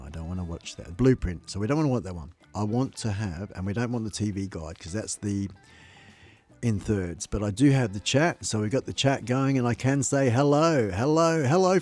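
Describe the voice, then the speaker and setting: Aussie bloke chatting on a live stream, close mic, jokey, bit of music playing faintly behind. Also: male voice, fairly low pitch, dark tone. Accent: Australian. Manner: chatty and jokey, laughs often, talks to chat. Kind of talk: casual live stream chat. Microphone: close desk microphone.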